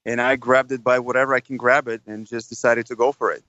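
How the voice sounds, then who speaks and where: A man's voice: mid-range voice, level tone, fast, sharp tone, no echo, dull audio. A man in his thirties from Russia with a Russian accent, a podcast guest talking eagerly and rambling with many restarts, calling in from an airport. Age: 30s. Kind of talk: casual interview. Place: airport, background noise.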